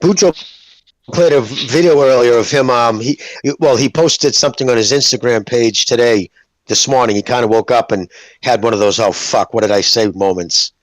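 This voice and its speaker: A man's voice: mid-range voice, moderate pace, no room sound, rough recording. A man in a casual boxing call-in chat, giving blunt opinions and swearing.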